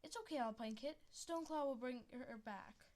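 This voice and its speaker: A woman voicing a gentle young male kitten who speaks softly to comfort the others. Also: high voice, moderate pace, close to an everyday voice. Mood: reassuring.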